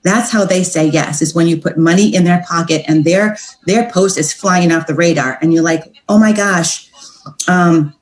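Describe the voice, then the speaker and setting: A woman's voice: lowish voice, normal speed, hardly any pauses, reverberant, poor audio. Upbeat chatty woman coaching sales. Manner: upbeat, chatty, acts out sample messages in a brighter voice. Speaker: direct sales team trainer. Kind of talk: casual training talk.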